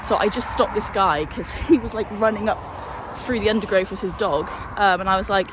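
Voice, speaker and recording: A woman's voice: medium pitch, a little fast. Chatty woman hiking in wind. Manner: chatty, sweary, self-deprecating. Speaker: hiking vlogger. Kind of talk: casual vlog chat while walking. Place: windy hillside outdoors. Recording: windy outdoor noise.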